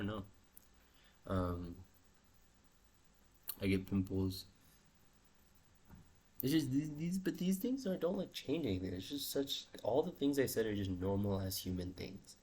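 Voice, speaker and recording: A man's voice: lowish voice, lively intonation, measured pace, long pauses, darkish tone, slightly rough. A young man talking in a rambling, musing video journal, swearing casually and often trailing off mid-thought. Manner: restless, trails off and restarts. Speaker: vlogger.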